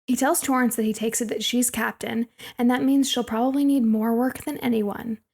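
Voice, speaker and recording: A young woman with a slightly high, gravelly voice chats through a movie recap. She laughs easily and talks loosely as she moves from scene to scene. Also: steady tone, normal speed, a little mellow. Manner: chatty, laughs often, recaps plot scenes. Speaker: podcast co-host. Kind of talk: casual movie recap chat.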